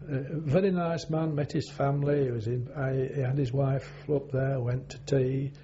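An older man, a former navy sailor, recalling his service in an oral history interview, rambling and halting with many fillers. The recording is dull and lo-fi with a faint hum. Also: medium pitch, steady tone, dark tone.

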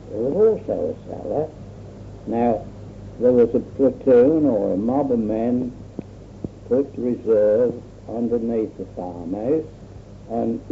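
A man's voice: mid-range voice, gravelly. An older man telling his own war memories in a rambling, plainspoken way. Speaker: war veteran. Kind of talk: oral history recollection. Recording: tinny lo-fi old recording with faint hiss.

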